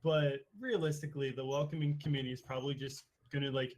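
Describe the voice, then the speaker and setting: A young man hosting a casual podcast chat, running the segments and musing in a drawn-out way. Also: medium pitch, fairly even intonation, a little mellow. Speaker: podcast host.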